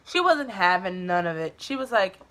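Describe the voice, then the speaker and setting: A woman's voice: medium pitch, big pitch swings, moderate pace, fairly bright tone. A young woman telling a personal story in a candid, chatty way, swearing now and then and filling her talk with "like". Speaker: vlogger. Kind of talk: casual storytime. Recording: music playing under the voice.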